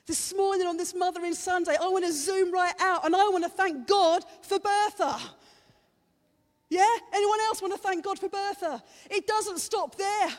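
A woman's voice: very high-pitched, fairly even intonation, normal speed. A woman preacher giving a chatty, playful sermon to a congregation, teasing them as she goes. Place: church hall. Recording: reverberant hall.

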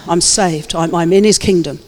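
Fervent woman preaching in a hall. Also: on the low side. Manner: fervent, exhorting, calls out to the congregation. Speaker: pastor. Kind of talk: sermon. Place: church hall. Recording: long reverb of a church hall.

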